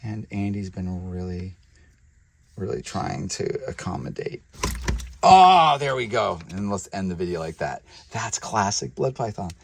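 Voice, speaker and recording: A man who breeds reptiles, hosting a casual vlog while handling snakes, chatty and sometimes dropping to soft murmurs toward the animals, recorded on a handheld camera mic indoors. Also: low voice, big pitch swings, unhurried, vocal fry, slight background noise. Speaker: reptile breeder and channel host.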